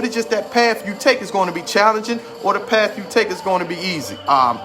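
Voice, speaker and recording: A high-pitched man in his thirties talks fast, delivering an emphatic, repetitive motivational speech while trying to hold back tears. Music plays behind his voice.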